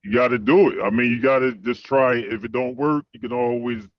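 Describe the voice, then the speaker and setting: A man's voice: medium pitch, steady tone, fairly quick, no echo. A man from Philadelphia calling in, talking hesitantly with many restarts. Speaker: caller. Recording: dull muffled call audio.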